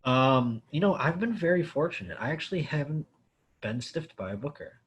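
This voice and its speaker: A comedian from Buffalo, New York, guesting at a Q&A, who tells a story in a casual, animated way, swearing often and saying "like" a lot. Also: male voice, on the high side, normal speed, slightly rough.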